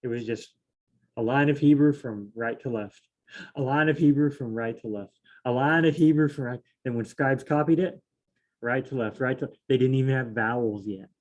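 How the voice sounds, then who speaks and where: Mellow-voiced man musing over scripture. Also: mid-range voice, normal speed, dull audio. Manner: fumbling, self-correcting, reads verses aloud then paraphrases loosely. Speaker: solo Bible study host. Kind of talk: casual thinking-aloud scripture study.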